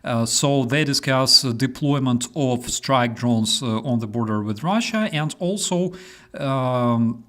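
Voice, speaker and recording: Young Ukrainian male host, casual English with an accent, mid-pitched voice, filler-heavy. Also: slow pace, a bit bright. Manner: storytelling with many fillers and restarts. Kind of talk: casual chat.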